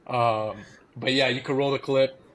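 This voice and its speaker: A young man, a former college ballplayer, telling stories as a podcast guest in a casual, animated way, laughing often and acting out quotes. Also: mid-range voice, a little slow, background noise. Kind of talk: casual storytelling.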